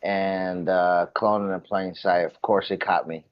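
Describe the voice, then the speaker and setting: A man co-hosting a podcast in casual chat, animated and profane, often repeating himself. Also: deep voice, unhurried, dry recording, dull audio. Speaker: podcast co-host.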